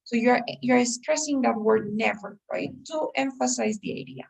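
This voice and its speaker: A woman's voice: a little high, moderate pace, gravelly, a little mellow. A woman teaching an English test-prep class, explaining patiently and checking in with her students often. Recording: voice a little far from the mic.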